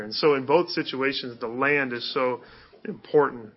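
A man's voice: medium pitch, fairly even intonation, normal speed, lo-fi sound. A male pastor preaching a sermon in an easygoing, conversational way, with fillers and restarts.

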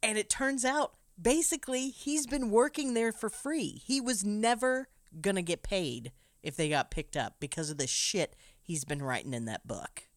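A woman casually recapping a film, animated and profane, often laughing as she tells it. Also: medium pitch, normal speed, few pauses, no echo, studio quality.

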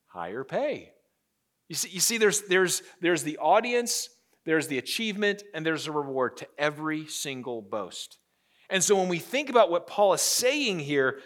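A middle-aged man preaching a sermon as pastor, animated and restarting phrases with repeated words. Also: fairly high pitch.

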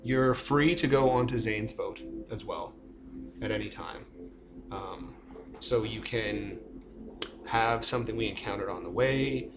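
Game master, man, fairly low voice, steady narration, clear background noise. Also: unhurried.

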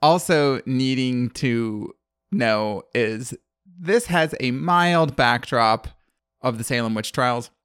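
Man, podcast co-host, rambling chatty recap, mid-pitched voice, dry close sound. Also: slow, a bit bright, clear, resonant tone, no room sound. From American South. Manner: rambling, chatty, laughs often. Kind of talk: casual chat.

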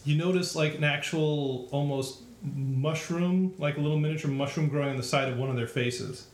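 Game master, male, slightly higher voice, methodical with fillers, roomy recording. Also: normal speed. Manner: steady, methodical, with frequent fillers. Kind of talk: narrating a tabletop game.

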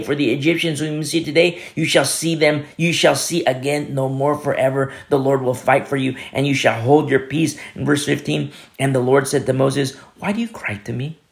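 A man preaching a sermon, acting out quoted speakers with sudden swings between loud, high calls and low, hushed asides. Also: vocal fry. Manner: dramatic, voicing quoted speakers with big swings in pitch and loudness. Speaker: pastor.

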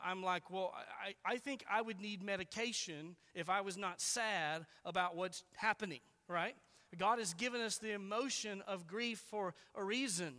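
A man preaching a sermon, earnest and deliberate, slowing down to stress key words. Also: high voice, bright, forceful tone. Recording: long reverb of a large hall.

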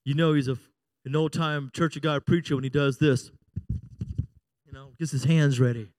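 Middle-aged male pastor, high voice, dry close sound, jokey sermon full of amens. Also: steady tone, normal speed, a little mellow, dry recording. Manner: jokey, conversational preaching with frequent call-outs for amen.

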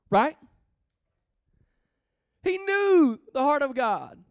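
Conversational Bible teaching comes from a man whose very high voice carries a darkish tone, with no room sound. He reads scripture aloud, explains it emphatically, and keeps asking his listeners questions.

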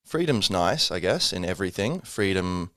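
A man's voice: low voice, very animated, normal speed, bright, forceful tone, dry recording, clean studio sound. A man hosting a casual solo podcast, rambling with many fillers and self-corrections. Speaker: podcast host.

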